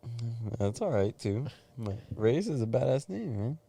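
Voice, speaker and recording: A man's voice: medium pitch, very animated, measured pace, mellow, slightly rough, no echo. A young man co-hosting a podcast in casual chat, laid-back, laughing often and saying "dude" a lot. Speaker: podcast co-host.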